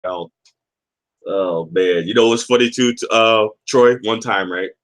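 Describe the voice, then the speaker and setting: A man's voice: lowish voice, measured pace, a bit bright. A man from the area, hosting a casual livestream chat, rambling, cursing and reading out chat comments. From Boston area. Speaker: livestream host.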